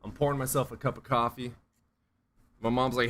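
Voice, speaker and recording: Dude on a stream answering chat, swears a lot, sarcastic, middle-pitched voice. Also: male voice, fairly even intonation, fairly quick, noisy background. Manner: blunt, profane, sarcastic. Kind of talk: casual livestream chat.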